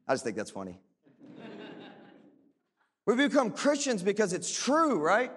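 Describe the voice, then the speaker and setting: A man preaches with a high, bright-sounding voice that climbs into impassioned pleading. His words ring out with a long reverb tail, as in a large church hall. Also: normal speed, long pauses. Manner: animated, rising into impassioned pleading. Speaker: pastor. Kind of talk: sermon.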